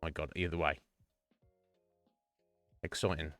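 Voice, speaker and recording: A man's voice: rumbling low, steady tone, measured pace, fairly bright tone, no echo, faint music behind. A man chatting casually on his live stream, rambling and restarting his sentences and swearing offhandedly. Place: home streaming setup.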